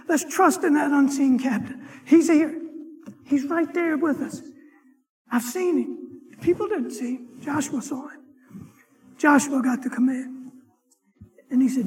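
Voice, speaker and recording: A man, a deacon, giving a Sunday morning Bible lecture, reading scripture aloud emphatically and growing loud on the verses. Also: extremely high pitch. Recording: long reverb of a large hall.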